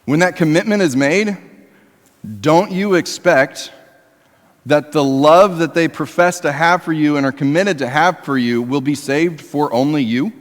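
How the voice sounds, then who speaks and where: A man preaching a sermon in a church, talking to the congregation conversationally and moving between emphatic raised passages and quiet, low ones. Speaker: pastor. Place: church sanctuary. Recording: long reverb of a church hall.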